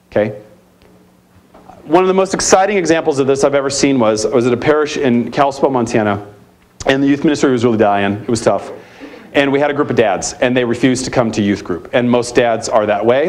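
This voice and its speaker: A man giving a live keynote talk at a conference, energetic and emphatic, firing off challenging rhetorical questions. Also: medium pitch. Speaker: keynote speaker at a youth ministry conference. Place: conference center hall.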